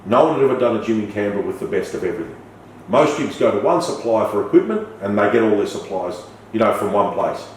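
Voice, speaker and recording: Low-voiced man telling stories. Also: fast talker. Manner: animated storyteller who swears and acts out dialogue. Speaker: podcast guest. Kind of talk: casual storytelling interview. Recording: echoey room, from far off, faint noise.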